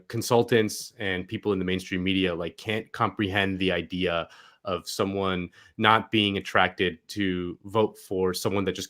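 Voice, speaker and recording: A man hosting a live political commentary show, talking in a wry, sarcastic way with quick asides. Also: low voice, fairly bright tone. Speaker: host.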